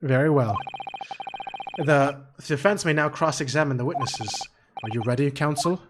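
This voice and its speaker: A man's voice: on the high side, normal speed, noisy background, pitched below the performer's own voice, lightly acted. A man voicing a stern elderly courtroom judge, speaking formally and pompously. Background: background music.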